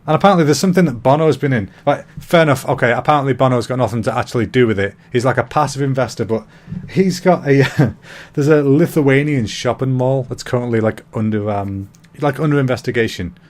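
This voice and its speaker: A man's voice: mid-range voice, fairly quick. A man from Britain hosting a comedy podcast, ranting in a rambling, sweary way and laughing at his own jokes. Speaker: podcast host. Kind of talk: comedic rant monologue.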